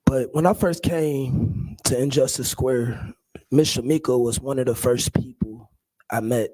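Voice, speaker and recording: A man in his thirties, an activist, giving an emotional public speech, halting and full of hesitations. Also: mid-range voice, mellow, dry recording, low-quality recording.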